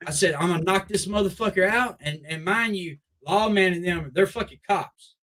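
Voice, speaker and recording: Young wrestler guy swearing thru an animated story, bit high voice. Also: normal speed, low-quality recording. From Memphis Mid-South area. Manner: profane, animated, repeats "I was like". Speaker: wrestler guest. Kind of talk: casual storytelling.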